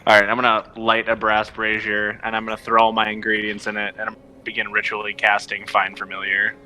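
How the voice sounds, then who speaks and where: A man's voice: lowish voice, monotone, brisk, bright, forceful tone, a little hiss or hum, rough recording. A man playing a tabletop game, eagerly describing what his character does in his own plain voice. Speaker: player.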